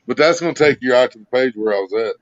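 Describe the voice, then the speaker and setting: A man's voice: medium pitch, animated, very fast, dry recording. A man hosting a livestream, chatting casually and swearing freely as he talks to chat and a friend. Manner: profane, laid-back banter. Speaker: livestream host. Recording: dull, dry lo-fi stream audio.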